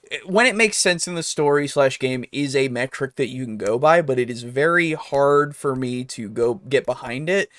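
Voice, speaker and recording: A man's voice: mid-range voice, lively intonation, moderate pace, hardly any pauses, a bit bright, no room sound. Chatty man on a dry mic. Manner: chatty, enthusiastic, laughs often, many fillers. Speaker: podcast co-host. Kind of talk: casual chat.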